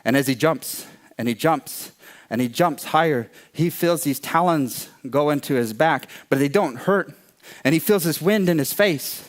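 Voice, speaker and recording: A man telling a traditional folk tale aloud in an unhurried, dramatic way. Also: fairly high pitch. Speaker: storyteller. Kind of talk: oral storytelling talk.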